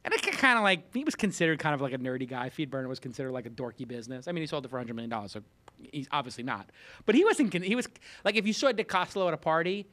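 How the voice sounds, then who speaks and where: A man with a Brooklyn accent, his voice sitting a little high for a man. He hosts a loose roundtable chat and rants in an animated, joking way. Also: racing. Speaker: host.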